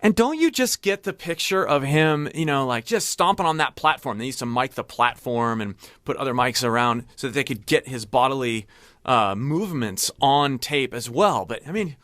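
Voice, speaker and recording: A man's voice: medium pitch, lively intonation, moderate pace, fairly bright tone, dry recording. A man hosting a casual music reaction, explaining what he hears and thinking aloud. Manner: explanatory, thinks aloud, sings snippets to demonstrate. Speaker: host. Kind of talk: casual music analysis while listening.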